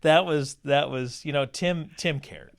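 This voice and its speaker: A man's voice: a little high, unhurried, vocal fry. A man, a former hockey player and color commentator, reminiscing in an interview with frequent restarts and fillers.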